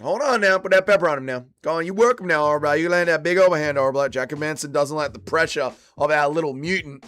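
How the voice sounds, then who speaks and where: A man's voice: on the high side, fast talker, few pauses, a bit bright, smooth, faint music behind, voice pushed up, close to an everyday voice. A man voicing a hyped fight-corner coach in a put-on Southern US accent, barking encouragement and drawling "boy" and "now".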